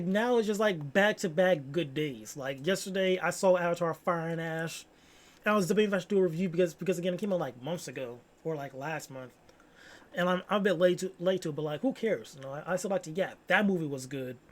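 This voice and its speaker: A young man rambling in casual solo chat, slangy and full of fillers. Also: high-pitched. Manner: rambling, heavy on "like" and "bro", slangy. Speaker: vlogger.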